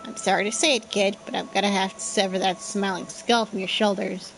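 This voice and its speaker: A woman voicing a gruff, bossy male skeleton pirate captain who talks in salty pirate slang. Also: medium pitch, fairly even intonation, a little fast, fairly bright tone, a little hiss or hum, lightly acted, poor audio.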